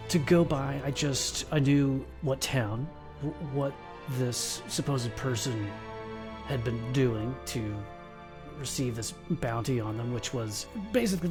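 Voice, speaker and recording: A man playing a slow, burly bounty hunter, telling a long story in character at a tabletop game, with halting restarts. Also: mid-range voice, darkish tone. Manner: rambling, halting delivery with restarts. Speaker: player.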